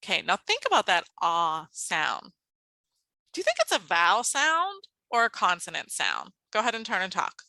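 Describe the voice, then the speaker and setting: A woman presenting and modeling a phonics lesson for a teacher conference, explaining steps in a clear, steady way. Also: mid-range voice, normal speed, no echo, poor audio.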